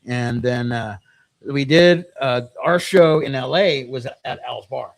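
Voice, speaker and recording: A man's voice: medium pitch, measured pace, gravelly. A middle-aged man telling stories as a podcast guest in casual chat. He rambles and swears constantly as he talks. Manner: profane, rambling, heavy swearing. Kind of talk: casual storytelling.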